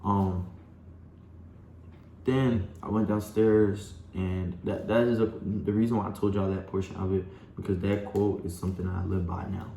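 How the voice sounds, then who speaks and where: Low, flat-voiced young man telling his story. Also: normal speed, creaky. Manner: rambling, full of "like" and "you know", addresses viewers as y'all. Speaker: vlogger. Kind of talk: personal storytelling to camera. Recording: echoey room with faint background hum.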